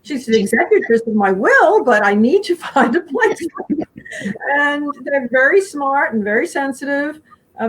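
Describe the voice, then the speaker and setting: A middle-aged woman answering interview questions in a rambling, warm way, often acting out her animals' voices. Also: high-pitched, rough recording. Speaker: guest speaker.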